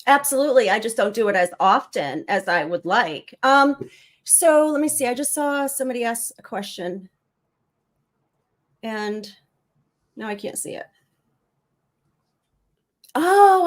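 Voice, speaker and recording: A middle-aged woman chatting as a guest on a livestream, rambling casually with laughs and fillers. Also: fairly high pitch.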